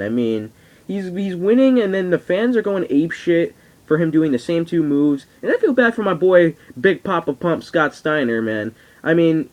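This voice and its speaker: A teenage boy in a casual vlog, rambling excitably and swearing freely. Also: mid-range voice, rough recording. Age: teens. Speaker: vlogger. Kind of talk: casual wrestling reaction vlog. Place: at home on camera.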